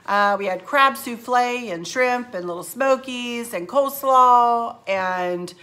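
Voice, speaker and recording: A woman with a bright, fairly high voice chats to her camera at home as the host of a craft channel. She is effusive and emotional, laughing often, and her throat is a little scratchy. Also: slow pace. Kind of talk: casual chat to camera. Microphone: handheld camera.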